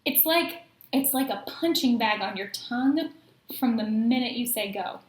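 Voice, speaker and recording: A woman co-hosts a casual wine review, chatty and playful, reading the label notes aloud. Her voice is a little high and animated at a normal speed, recorded in an echoey room.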